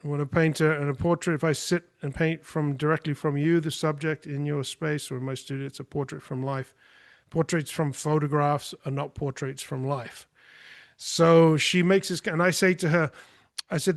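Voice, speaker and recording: A man's voice: a little high, steady tone, normal speed, no echo. A man talking as a podcast guest, telling a story in a forthright, emphatic way. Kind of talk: casual storytelling.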